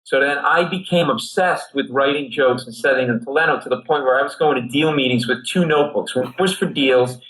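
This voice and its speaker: A middle-aged man from Rhode Island, a guest comedy writer telling a comic story, who acts out the people in it with big jumps in pitch. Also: a little fast, hardly any pauses, fairly bright tone, low-quality recording.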